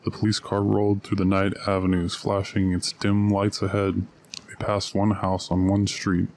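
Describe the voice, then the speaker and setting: Casting: male audiobook narrator, very low and even, measured reading.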